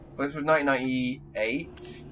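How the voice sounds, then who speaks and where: A man's voice: medium pitch, fairly even intonation, normal speed, noisy background. A man in his thirties co-hosting a let's-play, dry, wordy and self-mocking. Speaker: co-host of a gaming channel. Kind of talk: casual let's-play commentary.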